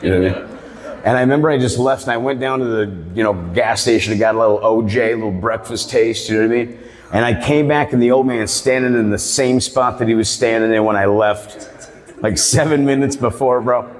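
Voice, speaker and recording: A man's voice: mid-range voice, steady tone, fairly quick. A man telling a stand-up story in a barbershop, rambling and profane. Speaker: stand-up comedian. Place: barbershop comedy show. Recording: long reverb of a live room.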